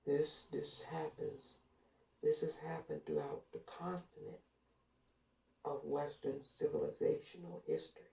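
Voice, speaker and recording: An emphatic woman speaking in a low, gravelly voice with a dark, mellow tone. She hammers her points home through repetition, stretching out the words she stresses. The recording is echoey and picked up from some distance away from the mic. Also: fairly even intonation, measured pace. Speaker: commentator. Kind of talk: casual monologue to camera. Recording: echoey room from far off.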